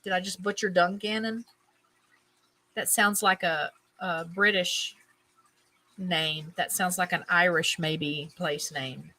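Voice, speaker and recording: A woman's voice: fairly low pitch, fairly even intonation, takes it slowly, bright, forceful tone, poor audio. A woman hosting a casual stream, reading items aloud, tripping over names, and adding chatty musing asides. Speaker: host.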